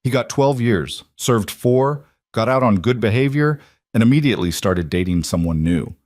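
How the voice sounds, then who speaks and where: A weary, blunt female detective, read by a male narrator in his own low voice, pressing her questions in measured, level tones. The sound is dry and close to the mic, with no room around it. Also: animated, darkish tone, no echo, lightly acted. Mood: weary, earnest.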